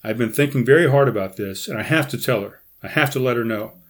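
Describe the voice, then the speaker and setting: Brief: jittery, guilt-ridden coworker, voiced by a male storyteller, strained and a bit higher. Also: quick pace, natural voice. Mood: nervous. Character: nervous guilty young man, coworker.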